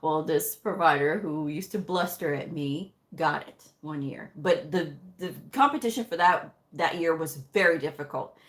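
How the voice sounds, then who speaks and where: Animated woman storyteller with a lowish voice. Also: normal speed, few pauses. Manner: animated, acts out dialogue in her stories, laughs often. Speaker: medical coding educator. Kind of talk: casual storytelling livestream.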